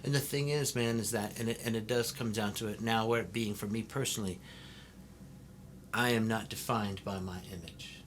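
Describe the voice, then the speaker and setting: Animated, foul-mouthed middle-aged man. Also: on the low side, moderate pace, a little hiss or hum. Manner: animated, profane and blunt, laughs often. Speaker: host. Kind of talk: casual interview chat.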